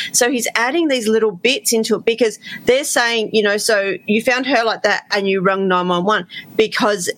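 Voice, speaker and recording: A woman's voice: mid-range voice, fairly bright tone. A woman co-hosting a podcast, talking emphatically and acting out quotes as she analyzes. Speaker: podcast co-host. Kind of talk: casual analytical chat.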